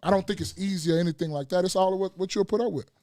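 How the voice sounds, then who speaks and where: A man's voice: sits high, rapid-fire, dark tone. A middle-aged man as a podcast guest in casual chat, blunt and profane, telling stories animatedly.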